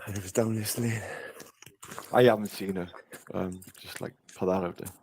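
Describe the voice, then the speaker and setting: A man's voice: low-pitched, fairly even intonation, normal speed, a little mellow, slight background noise. A man vlogging outdoors in the countryside, who swears freely and coos at animals in a sing-song voice. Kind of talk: casual walking vlog. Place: countryside lane and farm, outdoors.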